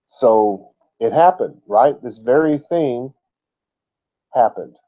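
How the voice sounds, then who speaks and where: A man's voice: medium pitch, animated, slow pace. Man teaching scripture, lo-fi sound. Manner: explanatory, conversational, with rhetorical questions. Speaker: Bible teacher. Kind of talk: sermon-style Bible teaching.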